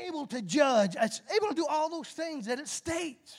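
Excitable high-voiced preacher man. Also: normal speed, hardly any pauses. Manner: excitable, bursts into shouted whoops; folksy, self-deprecating about his nerves. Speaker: lay preacher. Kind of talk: short timed sermon with call-and-response.

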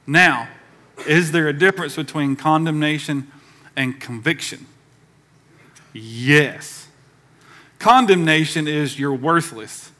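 A middle-aged man, preaching a sermon in a church in a lively, conversational way that acts out the voices he quotes. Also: fairly high pitch, takes it slowly, long pauses. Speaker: pastor. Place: church sanctuary.

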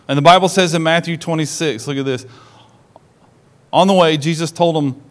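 Animated male pastor preaching a sermon. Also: fairly high pitch, moderate pace. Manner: animated storyteller who acts out quoted lines; asks the congregation direct questions.

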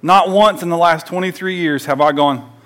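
A man's voice: on the high side, normal speed, fairly bright tone. A man in his forties preaching a sermon as pastor, talking conversationally and leading the congregation in call-and-response.

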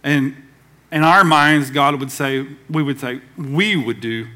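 A man's voice: medium pitch, takes it slowly, bright, forceful tone. A man from the American South preaching a conversational sermon as pastor, acting out quoted voices along the way.

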